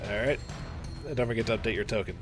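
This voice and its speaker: A man running a tabletop game as game master over an online call, calmly explaining rules and narrating combat with playful asides. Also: on the low side, very fast, music in the background.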